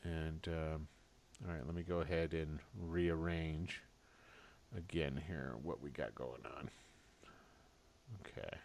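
A man running a tabletop game as game master over a video call, rambling and halting with many fillers. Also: very deep voice, steady tone, creaky, a little mellow, a little hiss or hum.

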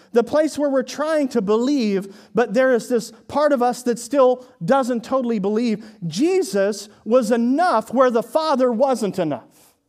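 A male pastor preaching a sermon in a conversational way, with sarcastic asides, swinging from hushed lines to emphatic ones. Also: high voice.

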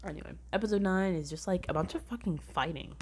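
A woman's voice: lowish voice, fast talker, husky. A woman rambling through a casual weekly review of her shows, gushing, swearing freely and saying "like" a lot. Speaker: drama reviewer.

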